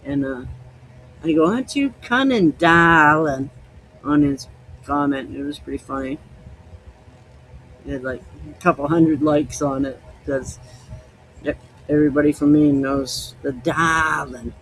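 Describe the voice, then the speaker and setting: A man's voice: medium pitch, flat delivery, a little slow, pauses often, a little hiss or hum, low-quality recording. A man hosting a podcast, chatting casually in a loose, rambling way while he tastes liquor. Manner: rambling, loose, easygoing storytelling. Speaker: podcast host.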